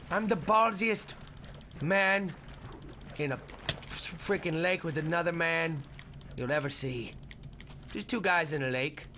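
A young man commenting live while playing a game, excitable, yelling and laughing at what happens. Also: high-pitched, a little hiss or hum. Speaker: gaming video host.

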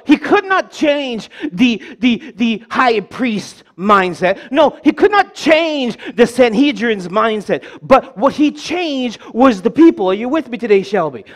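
A man preaching a sermon in church, leading the congregation in call-and-response and breaking in with joking asides. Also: very high-pitched.

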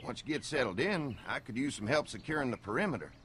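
A friendly game farmer, lively voice, faint noise behind. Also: male voice, medium pitch, quick pace. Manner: polite, helpful. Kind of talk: video game voice acting.

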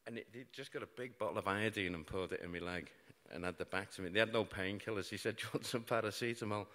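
A middle-aged British man with a low voice tells a true story on stage, mixing dark events with dry, self-mocking jokes. His voice carries a long reverb from the hall he speaks in. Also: fast. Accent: British English. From Britain. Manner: wry, self-mocking humour about grim events. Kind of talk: live storytelling talk. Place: large hall before an audience.

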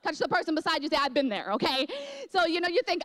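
A woman's voice: very high-pitched, a little fast, a bit bright. A woman pastor preaching a sermon, telling a personal story with dramatic emotional swings. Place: large church hall. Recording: echoey church hall.

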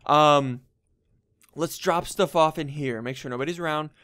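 A young man doing casual gameplay commentary as a gaming YouTuber, muttering to himself and then bursting into excited yells. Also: fairly high pitch, unhurried, clean tone, no room sound, studio quality. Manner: excitable, swings from muttering to yelling.

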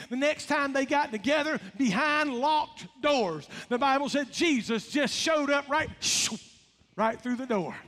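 A man with a Southern American accent preaching a sermon as pastor, often rising to shouts and stretching out his lines. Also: very high-pitched, moderate pace. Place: church sanctuary. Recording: long church hall reverb.

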